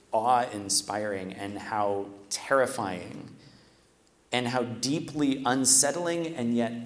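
Man preaching a sermon in a reverberant church. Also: on the low side. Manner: conversational, often tags "right?". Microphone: stands at a microphone. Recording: echoey church hall, long reverb.

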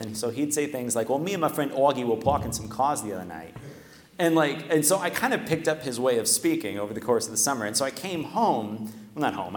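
A man delivers a sermon from a church microphone at an everyday middle pitch. He speaks casually and conversationally, tossing in "right?" to keep the congregation with him. His voice rings through a big, echoey church hall with a long reverb tail. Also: slight background noise. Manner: conversational, often tags "right?". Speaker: preacher. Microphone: stands at a microphone.

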